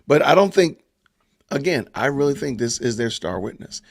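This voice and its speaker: A man hosting a casual live stream, animated and laughing often as he reads viewer comments aloud. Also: mid-range voice, moderate pace. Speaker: podcast host reading live chat.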